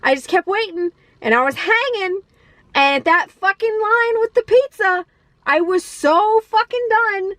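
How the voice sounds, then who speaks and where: A woman with a high voice rants about a film she disliked in a loose, rambling way, full of fillers and restarts. She swears freely, laughs often and sounds exasperated. The sound is close and dry, with no room around it. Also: lively intonation, a little slow, fairly bright tone, dry recording. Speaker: movie reviewer. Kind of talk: casual ranting movie review.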